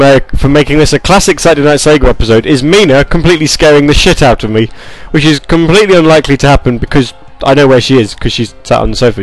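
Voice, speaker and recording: A man's voice: on the high side, low-quality recording. Chatty man hosting a stream. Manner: rambling, with many fillers and asides. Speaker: host of a gaming and music stream. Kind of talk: casual chat.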